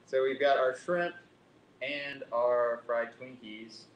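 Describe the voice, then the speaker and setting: A man's voice: takes it slowly, dull audio. A man hosting a live cooking demonstration, reading recipe steps aloud and chatting casually as he plates food. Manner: chatty, self-correcting, reads recipe aloud. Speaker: cooking show host. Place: library kitchen room. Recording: echoey kitchen with faint rumble.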